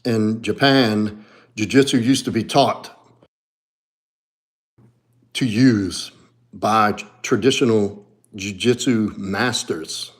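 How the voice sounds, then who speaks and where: With a slow delivery and long pauses, this middle-aged New Orleans-accented man chats on a livestream as a martial arts coach, reading comments. He's blunt and profane, muttering low at times and bursting into animation at others.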